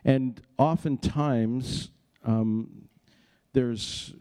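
A man answers a question in a slow, halting way, full of pauses and fillers. His voice is mellow and relaxed. He speaks at a middle pitch for a man. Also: smooth.

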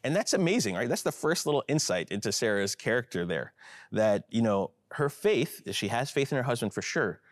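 A man preaching a conversational sermon and reading scripture. He talks in a chatty, informal way, often checks in with his listeners, and gets animated when he puzzles over the text. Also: mid-range voice, brisk, dry recording, clean studio sound. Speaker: pastor.

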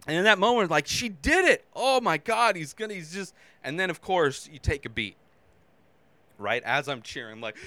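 Animated male movie-review host. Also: high voice, normal speed, no echo. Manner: animated, acts out his own reactions with sudden shouts. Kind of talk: casual spoken movie review.

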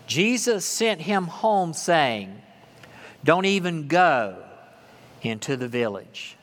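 Male pastor, sermon delivery, high bright voice, conversational with call-and-response, long reverb. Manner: conversational, warm-humored preaching with call-and-response.

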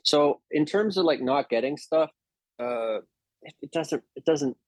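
A male actor telling stories in a casual interview, animated and often restarting his sentences. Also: on the high side, unhurried, dry recording. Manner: anecdotal, animated, with frequent restarts.

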